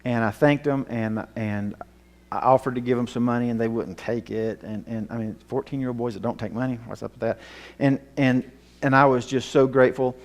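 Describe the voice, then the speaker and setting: A man's voice: medium pitch, fairly even intonation, brisk. Earnest man telling a story. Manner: earnest, emotional storytelling, drops to a hushed tone at tense moments. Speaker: Bible teacher. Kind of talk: storytelling sermon.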